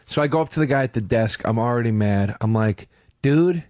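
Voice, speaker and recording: A man's voice: fairly low pitch, fast, dry recording, studio quality. A man with an American accent, co-hosting a podcast, telling a story in a casual chat, acting out the people in it and swearing freely. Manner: animated, acts out people in his stories, swears. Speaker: podcast co-host.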